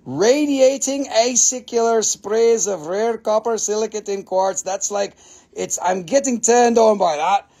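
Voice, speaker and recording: Appalachian guy selling rocks on a live stream, higher voice with some gravel in it, hyped up and cussing. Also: measured pace. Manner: excitable, jokey, swears casually. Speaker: live sale host. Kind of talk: live stream mineral sale.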